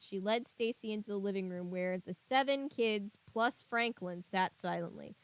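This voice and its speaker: A woman's voice: mid-range voice, normal speed, clean tone. Woman reading a kids' mystery aloud. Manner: reads dialogue brightly, chatty joking asides. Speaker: reader and commentator. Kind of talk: casual book read-aloud with asides.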